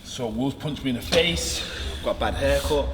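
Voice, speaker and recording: A bodybuilder giving a casual gym workout tutorial, chatty and relaxed, with lots of ums. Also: male voice, medium pitch, normal speed, in a large hall, background noise. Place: echoey gym. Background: music playing.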